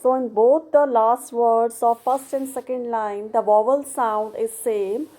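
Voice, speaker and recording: A woman tutor with an Indian English accent talks through a poem slowly and patiently, pausing between each small point. Her voice sits a little high, and her pace stays unhurried, as in a recorded lesson. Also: steady tone, dark tone. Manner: slow, patient, step-by-step explaining.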